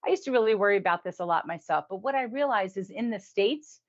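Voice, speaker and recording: A woman hosts a casual weekly review, talking in a chatty way with quick asides and frequent laughs. Her pitch sits in the middle range. The recording sounds dull and lo-fi. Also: animated. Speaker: host.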